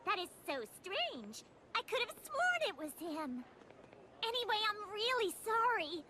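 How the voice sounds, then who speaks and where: A very high, bouncy girl's voice in a video game, swooping all over with excitement. It is heard through game audio with loud noise behind it. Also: a little slow, full character voice. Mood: apologetic. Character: cheerful young girl, bubbly and apologetic.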